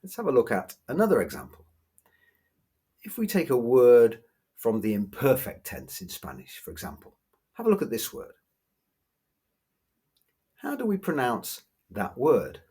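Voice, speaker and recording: A man teaching a grammar lesson, patiently explaining rules and slowly repeating example words. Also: medium pitch, huge pitch swings, dark tone, husky.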